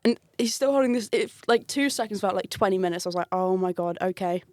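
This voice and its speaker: A woman's voice: medium pitch, fast talker, dry recording. A woman in casual conversation, telling a work story with lots of laughter and acted-out quotes. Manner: animated, laughs often, acts out quoted voices.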